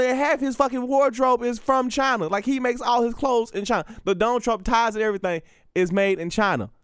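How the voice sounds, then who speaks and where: Rambling young comedian, smooth higher voice. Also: male voice, a bit bright, dry recording, studio quality. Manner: rambling, profane, stammering restarts. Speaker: stand-up comedian. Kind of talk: casual talk to camera.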